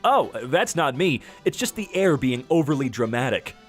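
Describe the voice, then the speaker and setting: A man's voice: mid-range voice, big pitch swings, moderate pace, soft background music. A young man reads posts aloud and reacts with playful, wisecracking asides. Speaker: YouTuber reading Reddit posts.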